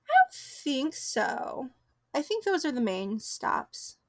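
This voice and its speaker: A young woman co-hosting a podcast in casual chat, chatty and giggly, riffing quickly. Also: high voice, huge pitch swings. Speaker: podcast co-host.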